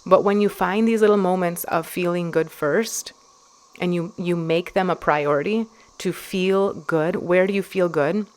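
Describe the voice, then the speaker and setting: A woman's voice: fairly low pitch, a little slow, darkish tone, clean tone. A woman hosting her own podcast, talking alone in a chatty, rambling way with many fillers and restarts. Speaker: podcast host. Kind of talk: casual solo podcast talk.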